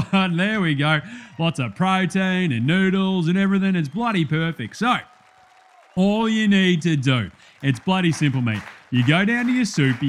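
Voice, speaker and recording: A man's voice: a little high, a little hiss or hum, close to an everyday voice. A man with an Australian accent, playing a brash, blokey male cooking show host in a comedy sketch, slangy and cheeky, laughing at his own jokes.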